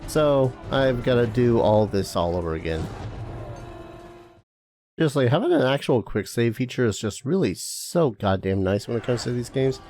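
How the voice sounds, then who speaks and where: Excitable swearing game streamer. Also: male voice, medium pitch, moderate pace, faint music behind. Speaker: streamer playing a video game. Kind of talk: casual gameplay commentary.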